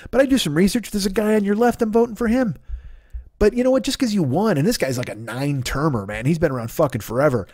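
A man's voice: high voice, fast, darkish tone, dry recording. A man in his fifties hosting a solo comedy podcast, rambling through a profane, sarcastic rant. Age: 50s.

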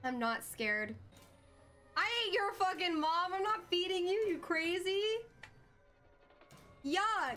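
A woman's voice: extremely high pitch, big pitch swings, unhurried, long pauses, pushed and bright, soft background music. A young woman streaming a horror game live, who screams, swears and jokes her way through the scares.

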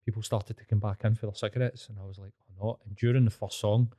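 A man's voice: lowish voice, steady tone, quick pace, mellow, no room sound. A man in his thirties with a Glaswegian Scottish accent, telling blunt, sweary stories as a podcast guest, rambling with restarts. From Scotland. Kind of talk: candid storytelling.

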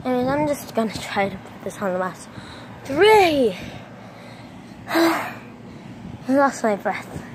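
A woman vlogging casually on her phone outdoors, playful and excitable, making silly sound effects and letting out sudden yelps. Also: high-pitched, slow, pauses often. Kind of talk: casual vlog commentary. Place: outdoors in a storm. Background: thunder and rain noise.

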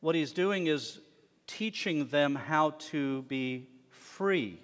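A man preaching a sermon to his congregation, animated, swinging between loud emphasis and hushed asides. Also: a little high, measured pace. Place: synagogue sanctuary. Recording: long reverb of a worship hall.

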